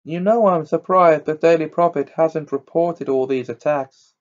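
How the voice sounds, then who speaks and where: A man voicing a scornful, snide rich schoolboy in a storybook reading, a little higher and louder than his narration. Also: moderate pace, highs cut off, close to an everyday voice. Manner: haughty and snide, slightly raised voice.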